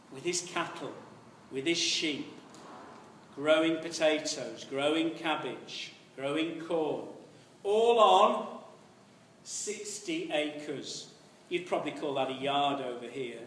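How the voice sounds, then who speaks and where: A man telling a gently humorous story as part of a sermon in a church. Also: a little high, a little hiss or hum. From Ireland. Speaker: preacher. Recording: echoey church from far off.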